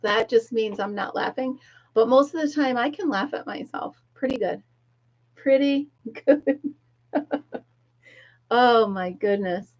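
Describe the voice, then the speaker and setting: A middle-aged woman chatting casually to viewers on a livestream, telling stories and laughing often. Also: fairly high pitch. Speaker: livestream host. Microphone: laptop mic. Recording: dull lo-fi laptop audio.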